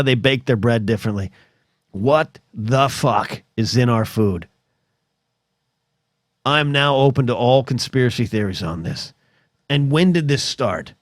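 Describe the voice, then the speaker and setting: A man's voice: mid-range voice, no room sound. American man, podcast host, rambling rant, stammering restarts, dry close sound. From United States. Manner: animated, swears, restarts and stammers, mock voices.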